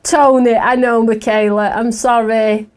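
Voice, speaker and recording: A woman's voice: fairly high pitch, steady tone, measured pace. A woman hosting a live craft shopping show, chatting casually with viewers and giggling at herself often.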